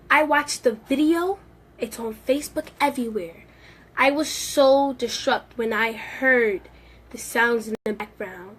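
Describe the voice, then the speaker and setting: A woman, the host's daughter, telling a story on a live video in an eager, rushed way. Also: a little high, a bit bright. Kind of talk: casual live video chat.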